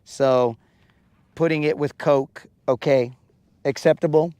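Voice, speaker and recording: A man with a fairly high voice talks slowly and at length, hosting a live fishing stream out on a lake. He rambles through viewers' questions with jokey self-mockery. The sound is dry and close. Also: steady tone, dark tone, clear, resonant tone, no echo. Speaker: fishing livestream host. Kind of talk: casual live-stream chat while fishing. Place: outdoors on a boat on a lake.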